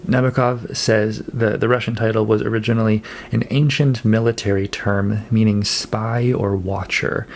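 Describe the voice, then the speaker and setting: A man's voice: lowish voice, level tone, moderate pace, few pauses, darkish tone. A man talking casually about books he read, thinking aloud with fillers and self-corrections. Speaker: book vlogger. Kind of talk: casual monthly wrap-up talk.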